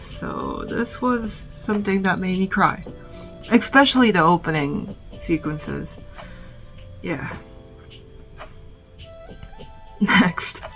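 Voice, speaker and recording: A woman vlogging from her bedroom, talking about films in a reflective, halting way full of "like". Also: lowish voice, fairly bright tone, low-quality recording. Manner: reflective, halting, heavy use of "like". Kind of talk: casual film recommendations.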